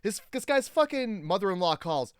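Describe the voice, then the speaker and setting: A man with a slightly high, smooth, clean voice co-hosts a casual movie podcast. He talks close to the mic in a dry sound. He swears freely and mocks things with a loose, joking tone. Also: very animated, dry recording. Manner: profane, joking, quick to mock. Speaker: podcast co-host.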